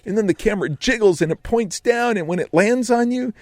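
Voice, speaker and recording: A man's voice: high voice, expressive, fairly quick, a little mellow, dry recording, studio quality, voice pushed up. A man doing breathless, hyped ad guys. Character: two excited young male ad guys. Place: radio studio.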